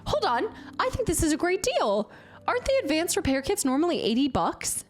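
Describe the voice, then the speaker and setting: Chatty high-voiced woman streamer. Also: wildly swooping pitch, fairly quick, soft background music. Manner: chatty, giggly, reads chat aloud. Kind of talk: live gameplay commentary.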